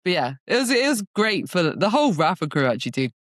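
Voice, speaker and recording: A woman's voice: on the low side, big pitch swings, fast, no echo, studio quality. A young woman co-hosting a podcast, telling a race story in a chatty, laughing way full of "like". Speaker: podcast co-host, cyclist. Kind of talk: casual chat.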